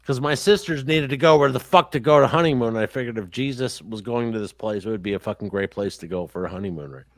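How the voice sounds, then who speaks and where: A man tells stories on a podcast in loose, casual chat, swearing freely and acting out what others said. His voice sits at an ordinary middle pitch. The recording is dry, with little room sound. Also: fast, no echo. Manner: profane, animated storyteller. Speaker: podcast host.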